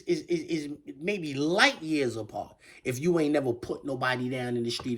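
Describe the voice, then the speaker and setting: Guy ranting to camera, slangy, keeps restarting, kinda high voice that jumps all over. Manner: animated, stammering restarts, slangy. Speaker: online commentator. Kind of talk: casual commentary rant.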